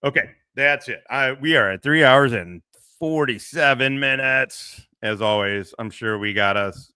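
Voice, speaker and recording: A man's voice: mid-range voice, a little slow, bright, forceful tone, clear, resonant tone, dry recording. A middle-aged man hosting a casual livestream, rambling, swearing and laughing often into a close mic. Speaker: livestream host.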